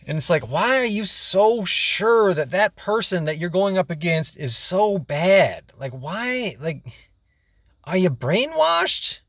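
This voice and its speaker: A man's voice: sits high, sing-song, takes it slowly, fairly bright tone, no echo. Exasperated young man ranting, dry sound. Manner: exasperated, rambling, repeats himself and swears. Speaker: vlogger. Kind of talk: casual rant to camera.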